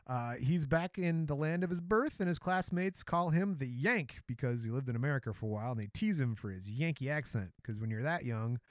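A man's voice: medium pitch, expressive, brisk, hardly any pauses, dry recording, studio quality. A middle-aged man from Michigan co-hosting a podcast, telling a life story in casual chat, joking and tripping over names. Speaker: podcast co-host.

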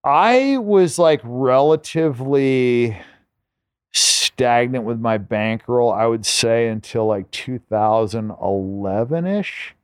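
A man's voice: medium pitch, expressive, takes it slowly, smooth, no room sound, clean studio sound. A man telling stories as a podcast guest in a laid-back, profane way, full of filler words. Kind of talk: casual storytelling.

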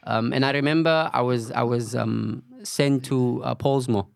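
A man's voice: medium pitch, fairly even intonation, unhurried, vocal fry, clear, resonant tone, dry recording, clean studio sound. A middle-aged man, a podcast guest candidly telling a story and acting out what people said. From South Africa, Cape Flats. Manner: recounts events with acted-out quoted dialogue and frequent "you know".

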